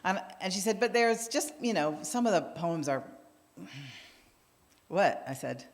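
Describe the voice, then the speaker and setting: A woman's voice: medium pitch, lively intonation, moderate pace. A woman minister giving a sermon in a conversational storytelling manner, acting out the voices of people she quotes. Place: church sanctuary. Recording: long reverb of a church hall.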